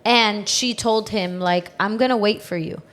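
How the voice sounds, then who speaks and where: A woman's voice: medium pitch, measured pace. A woman hosting a podcast, chatting casually and retelling book scenes with feeling. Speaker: podcast host. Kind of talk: casual chat.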